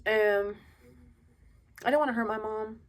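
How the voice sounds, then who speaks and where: A young adult woman at home tells a personal story in a halting, casual way, full of fillers. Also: fairly high pitch, steady tone. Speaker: vlogger. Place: at home indoors.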